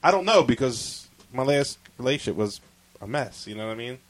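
A man's voice: medium pitch, expressive, fairly quick, no room sound. A man on a podcast talks in casual banter, hesitant and defensive. He stumbles and restarts his sentences as he works his point out. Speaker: podcast co-host.

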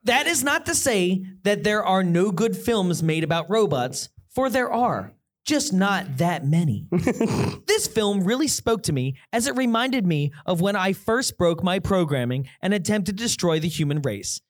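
A podcast host reads out online reviews for comedy. The voice swoops through a lively pitch range. The delivery is mock-dramatic and playful. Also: a little slow. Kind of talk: reading reviews aloud for comedy.

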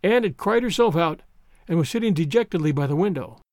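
A man reads a classic story aloud with expressive, theatrical narration. His voice sits high and swoops widely through each sentence, recorded dry and close with no room sound. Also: brisk, dry recording. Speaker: audiobook narrator.

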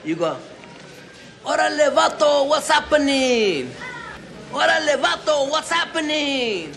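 A man's voice: sits high, brisk, fairly bright tone, a little hiss or hum. An actor playing a man who patiently teaches street greetings to a group of newcomers in a film scene. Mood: coaching. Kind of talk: film dialogue.

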